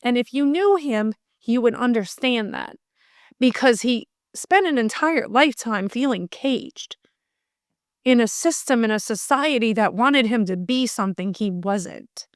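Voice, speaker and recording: A woman's voice: a little high, expressive, measured pace, no echo, clean studio sound. A middle-aged woman, telling a personal story as a podcast guest, earnest and rambling with many restarts.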